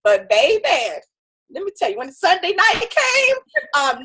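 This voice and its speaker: A woman guest on an interview show, telling her story in a chatty, animated way and acting out what others said. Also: very high-pitched, unhurried. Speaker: guest entrepreneur.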